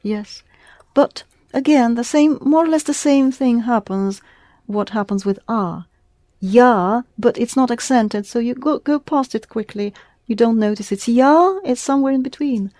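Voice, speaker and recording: A woman giving a one-to-one language lesson, patiently modelling words and repeating them slowly for her students. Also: on the high side, warm tone, no echo, studio quality. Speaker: language teacher.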